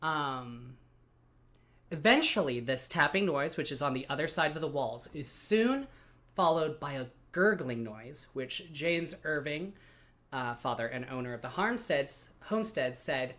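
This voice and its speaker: Giggly, animated podcast storyteller. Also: mid-range voice, unhurried. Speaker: podcast host telling a story. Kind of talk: casual storytelling chat.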